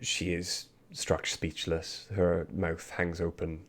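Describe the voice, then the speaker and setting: A man's voice: low-pitched, completely flat delivery, takes it slowly. A man running a tabletop fantasy game, narrating scenes and voicing characters with loose, rambling asides. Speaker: game master.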